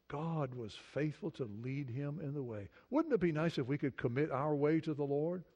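A middle-aged male pastor preaching a sermon earnestly, moving between hushed prayerful passages and emphatic points. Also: on the high side, lo-fi sound.

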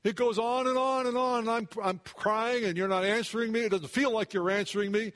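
High-pitched earnest male preacher. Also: fairly even intonation, fairly quick, hardly any pauses, fairly bright tone. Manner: earnest, voice drops low for emphasis, rises when acting out doubts; occasional restarts, conversational asides. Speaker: pastor. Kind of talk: sermon.

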